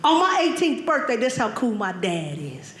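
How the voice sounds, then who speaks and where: A woman's voice: a little high, big pitch swings, normal speed. A young woman performing a stand-up comedy set, telling stories and laughing through her lines. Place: comedy club stage before an audience. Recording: echoey stage with loud noise.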